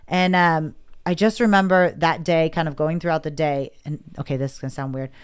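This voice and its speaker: Low-voiced woman telling a raw story. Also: fairly even intonation, fairly quick, clean tone. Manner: emotional, candid, quotes herself and others. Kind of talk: personal storytelling in conversation.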